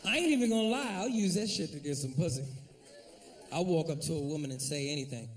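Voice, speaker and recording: Profane male comic, high gravelly voice. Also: fast, distant mic. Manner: profane, animated, crowd-addressing. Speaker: stand-up comedian. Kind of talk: stand-up routine. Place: comedy club stage.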